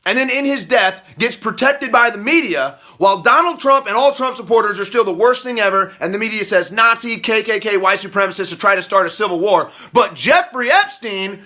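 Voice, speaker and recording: A man hosting political commentary, ranting angrily and profanely, repeating himself and swinging from a low mutter up to shouting. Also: lively intonation, brisk, hardly any pauses. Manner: angry, profane, repetitive rant.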